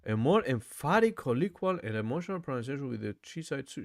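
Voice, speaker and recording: A man's voice: mid-range voice, sing-song, quick pace. Chatty man repeating words aloud. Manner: thinks aloud, repeats words, says "bro" often. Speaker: language learner vlogger. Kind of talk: casual study vlog.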